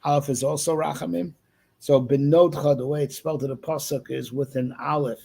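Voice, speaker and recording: A man's voice: fairly high pitch, steady tone, brisk, vocal fry, mellow, husky. A man, a rabbi, giving a loose, rambling Torah lesson, full of fillers and frequent "right?" check-ins. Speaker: rabbi teaching.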